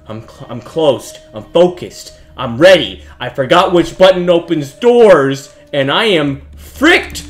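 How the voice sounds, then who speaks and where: A young man giving jokey, self-mocking let's play commentary that bursts into yelling when he is startled. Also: fairly high pitch, big pitch swings, unhurried. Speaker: gaming youtuber.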